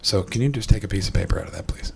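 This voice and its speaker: A male stand-up comedian with a gravelly, creaky voice works the crowd on a club stage. His delivery is wry and teasing, with casual swearing, close on a handheld mic. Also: low voice, racing, a little hiss or hum. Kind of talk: improvised stand-up with crowd work.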